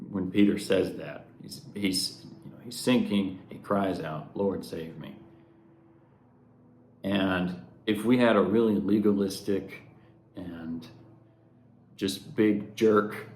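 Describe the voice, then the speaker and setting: A man giving an earnest, conversational devotional reflection, often restarting his thoughts. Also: low voice. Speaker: devotional speaker. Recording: roomy echo, faint background noise.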